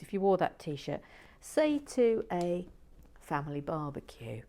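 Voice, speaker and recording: A woman hosting a relaxed building video, rambling and self-mocking, often dropping to a whisper as she works. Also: low voice, unhurried, a little hiss or hum. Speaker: host of a building channel.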